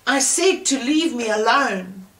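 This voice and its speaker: A woman's voice: fairly high pitch, expressive, measured pace, a bit bright. A woman preacher voicing a bitter, defensive older homeless man who growls sarcastic retorts in a retold story. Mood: angry. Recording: roomy church sound from far off.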